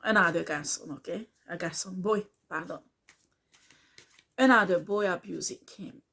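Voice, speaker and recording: A woman's voice: on the low side, moderate pace, gravelly, fairly bright tone, breathy edge. A woman, speaking earnestly as a tarot reader who repeats herself and slips into words now and then. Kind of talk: casual spoken reading.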